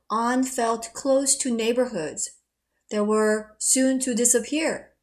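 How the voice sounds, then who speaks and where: A middle-aged woman giving a history lecture and telling personal stories, laughing at herself now and then. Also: mid-range voice. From South Korea. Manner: warm, storytelling, laughs at herself.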